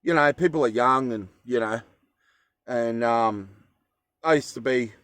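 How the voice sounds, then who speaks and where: A man's voice: medium pitch, measured pace, fairly bright tone, no echo. An Australian man telling a story in a casual vlog, rambling with fillers and self-corrections. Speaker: vlogger.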